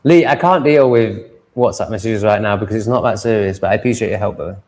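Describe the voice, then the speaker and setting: A man's voice: fairly low pitch, fast talker, darkish tone. A man hosting a casual livestream, rambling and reading viewer comments aloud before answering them.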